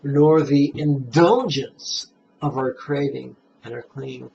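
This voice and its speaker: A man teaching meditation in a relaxed, playful dharma talk, chuckling at his own jokes and guiding listeners step by step through the breath. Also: medium pitch, creaky, a little hiss or hum. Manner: guides listeners slowly through breathing steps. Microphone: camera mic, self-filmed. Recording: dull, muffled camera audio.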